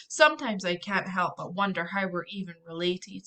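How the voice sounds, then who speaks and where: A woman narrating a children's chapter book in a lively, expressive way with soft asides. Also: fairly low pitch, normal speed, hardly any pauses. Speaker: audiobook reader.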